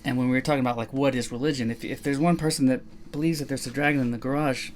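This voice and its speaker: A man's voice: mid-range voice, steady tone, very fast, a little hiss or hum. Rambling man on a casual podcast. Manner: rambling, self-correcting, acts out quoted dialogue. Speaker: podcast co-host.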